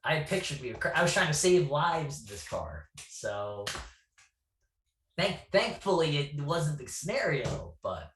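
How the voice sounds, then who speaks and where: A man guesting on a podcast, telling road stories in a lively, self-deprecating way. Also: a little high, unhurried, a little hiss or hum. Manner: self-deprecating, animated storyteller. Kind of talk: casual storytelling chat. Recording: echoey room, distant from mic.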